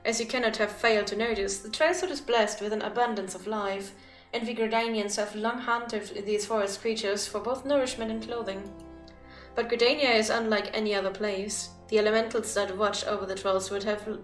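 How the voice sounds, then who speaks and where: A woman's voice: medium pitch, reverberant, lightly acted. A woman reading as a stately guildmaster. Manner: formal, stately reading with small slips. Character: dignified woman guildmaster, formal and earnest. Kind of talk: reading game dialogue aloud.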